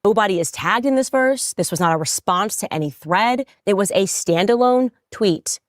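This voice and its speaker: A woman's voice: mid-range voice, expressive, moderate pace, no echo, studio quality. A woman in a played clip, arguing her case indignantly with pointed rhetorical questions. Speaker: commentator defending herself.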